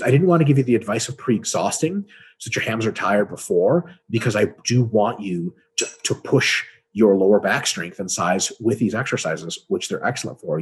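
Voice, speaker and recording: A man's voice: low voice, husky. A man co-hosting a casual webinar, answering training questions in a blunt, profane, explanatory way. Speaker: co-host answering fitness questions.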